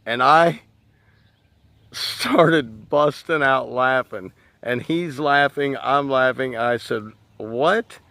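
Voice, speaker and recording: A man's voice: medium pitch, takes it slowly, pushed and bright, no echo. A man who runs a lawn care business, telling a story casually to camera and talking straight to his viewers. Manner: chatty, addresses viewers as guys. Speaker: lawn care business owner and channel host.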